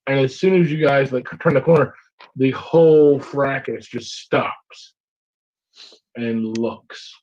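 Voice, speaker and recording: A man running a tabletop game as game master, describing scenes with energetic storytelling. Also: medium pitch, slow, highs cut off, slight background noise. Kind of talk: narrating and voicing a tabletop game.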